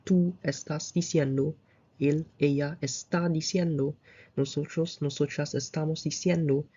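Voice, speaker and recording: A man's voice: a little high, steady tone, normal speed, mellow, slightly rough, dull audio. A man giving a casual recorded grammar lesson over slides, explaining loosely and repeating himself with fillers. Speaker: Spanish tutor.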